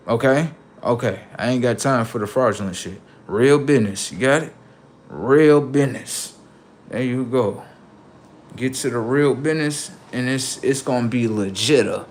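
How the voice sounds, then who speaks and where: A young man talking casually to his livestream viewers, animated and slangy, jumping from loud outbursts to quiet asides. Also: medium pitch. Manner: slangy, addresses viewers directly. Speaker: livestream host.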